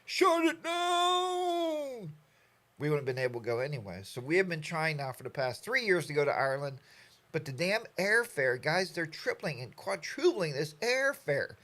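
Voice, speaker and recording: A man's voice: fairly high pitch, fairly quick. A man in his sixties hosting a casual live stream, rambling and joking as he greets viewers by name. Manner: rambling, jokey, animated storytelling.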